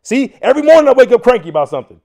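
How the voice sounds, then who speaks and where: Host: young man, lively pitch swings, casual mocking commentary. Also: racing. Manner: loud, animated, mocking, slangy. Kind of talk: casual commentary on news clips.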